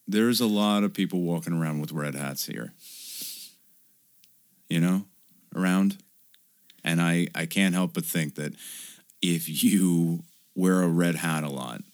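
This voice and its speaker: A man hosting a podcast, chatting animatedly about a movie and swearing freely. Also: low voice. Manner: animated, swearing, jumps into silly voices. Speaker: podcast host. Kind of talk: casual chat reviewing a movie.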